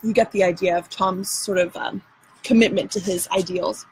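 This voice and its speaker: A woman reading a novel aloud and adding her own relaxed comments. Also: mid-range voice, normal speed, slight background noise, low-quality recording. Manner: relaxed aside, brief fillers. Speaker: reader and teacher.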